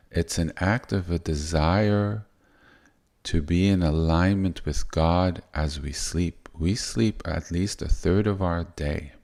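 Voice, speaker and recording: A man giving a gentle spiritual teaching in a soft, unhurried way that wanders and restarts. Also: low voice.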